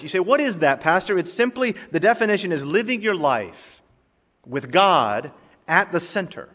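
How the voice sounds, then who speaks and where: A man's voice: a little high, a bit bright. A male pastor preaching a sermon in a conversational, joking way, in a church sanctuary. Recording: long reverb of a large hall.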